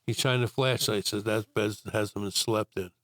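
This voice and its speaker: A man's voice: fairly low pitch, steady tone, moderate pace, a bit bright, dry recording, studio quality. An older man telling his life story in a casual interview, rambling with many fillers and acting out quotes.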